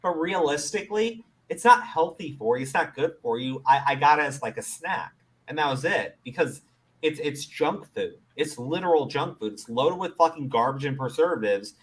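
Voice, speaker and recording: This is a fairly high male voice moving at normal speed, belonging to a Middle Eastern man who hosts a casual commentary show. He goes on profane, animated rants, breaks into laughter a lot, and stumbles over his words when he starts again.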